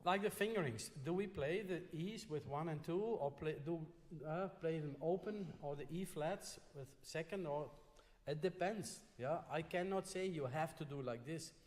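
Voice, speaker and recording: Male masterclass teacher with a slightly high voice; patient, encouraging, recorded with long hall reverb. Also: normal speed, hardly any pauses, darkish tone. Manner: patient, frequently checks in with "yeah?". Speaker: trumpet teacher. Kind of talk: masterclass coaching.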